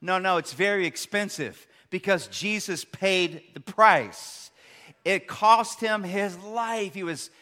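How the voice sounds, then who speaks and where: A man's voice: high-pitched, slow pace. Impassioned man preaching in a church hall. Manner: impassioned, swinging between loud emphasis and hushed tones. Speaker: pastor. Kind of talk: sermon. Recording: long church hall reverb.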